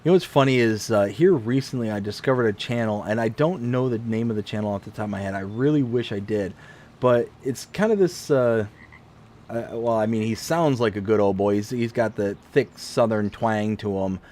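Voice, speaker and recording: This streamer, a Michigander in his forties, talks loosely at a normal speed while farming in a video game, his voice climbing in pitch when he's excited.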